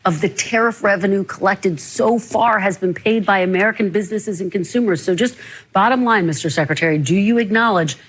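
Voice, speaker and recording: A woman's voice: mid-range voice, a little fast, breathy edge. Woman pressing with pointed questions. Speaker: interviewer. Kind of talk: news interview questioning.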